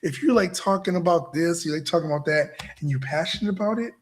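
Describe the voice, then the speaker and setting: A male host with a somewhat high voice delivers a motivational talk to a live audience. He is emphatic and repetitive, pressing his points with constant checks like "right?" and "you know what I'm saying?". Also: expressive, fast. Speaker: show host.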